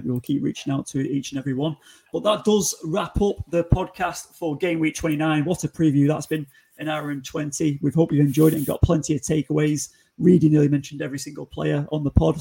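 Gravelly, husky-voiced podcast host man. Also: medium pitch, dark tone. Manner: wrapping up the show, hesitant fillers. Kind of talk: casual podcast chat.

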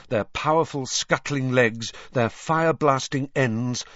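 Male reader for audiobook narration, measured and expressive, dry booth, a bit dull. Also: lowish voice, no room sound. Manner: measured storytelling. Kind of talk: scripted narration. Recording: dry, slightly dull studio recording.

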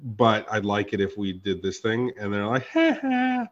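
His voice sits on the low side but swings hugely in pitch as this podcast host, at a moderate pace, spins a story during a relaxed conversation. Profanity flows freely, and he performs the dialogue of each side himself; the audio is dull and lo-fi.

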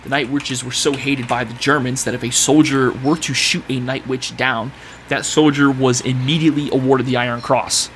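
A man's voice: mid-range voice, fairly even intonation, normal speed, a bit bright, slight background noise. A man presenting history on a casual podcast, reading facts aloud and then riffing and laughing with friends.

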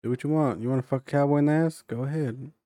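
A man's voice: mid-range voice, rapid-fire, mellow, no echo. Joking young man in casual chat. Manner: joking, slangy, laughing.

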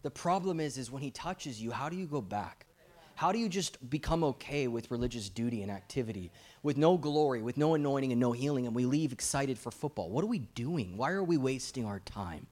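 A man's voice: mid-range voice, lively intonation, brisk, a little mellow. A middle-aged man preaching a fervent, urgent sermon as a guest preacher, his volume swelling and dropping as he presses his points.

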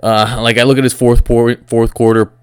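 Profane, rambling young podcaster. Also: male voice, medium pitch, flat delivery, normal speed, a little mellow, clean tone, dry recording. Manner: frustrated, profane, rambling with filler words. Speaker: podcast host. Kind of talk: casual solo sports podcast rant.

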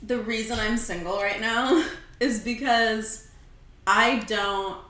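A woman's voice: fairly high pitch, slow pace, sharp tone. A young woman from California co-hosting a podcast in casual chat, chatty and laughing as she tells stories. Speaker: podcast co-host. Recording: echoey room.

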